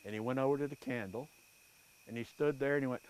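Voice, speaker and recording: A man telling folk tales and superstitions to a live audience in an unhurried, animated way. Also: medium pitch. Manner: unhurried, animated, folksy delivery. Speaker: storyteller.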